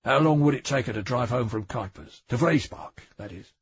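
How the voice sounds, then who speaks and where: Man doing a methodical, husky police detective. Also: mid-range voice, dry recording. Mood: questioning. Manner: deliberate, emphatic, reasoning. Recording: dry, dull audiobook recording.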